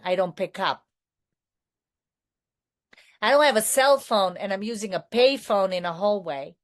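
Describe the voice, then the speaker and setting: Candid woman with a non-American accent. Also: medium pitch. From New York City. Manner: candid, rambling, self-correcting with fillers. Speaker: recovery meeting speaker. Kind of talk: personal recovery share.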